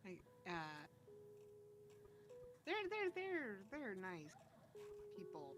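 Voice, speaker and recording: A woman's voice: mid-range voice, wildly swooping pitch, very slow, lo-fi sound. A woman chatting casually on a live stream, telling an exasperated story with lots of fillers. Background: background music.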